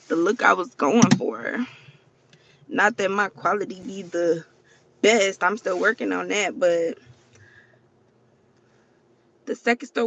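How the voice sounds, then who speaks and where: A woman's voice: a little high, pushed and bright, muffled recording. A woman hosting a casual livestream, chatty and profane, who keeps talking straight to her viewers. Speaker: livestream host.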